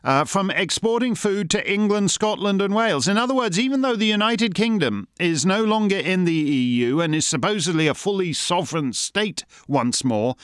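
A man's voice: sits high, fairly bright tone, clean tone, no room sound, clean studio sound. A man hosting a satirical monologue, sardonic and mocking in manner. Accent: Canadian. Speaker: host.

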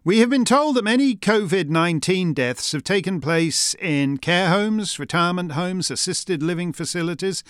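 Emphatic man with a lively, dry voice. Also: high voice, moderate pace, few pauses, clean tone, dry recording. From Canada. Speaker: commentary host. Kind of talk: scripted commentary.

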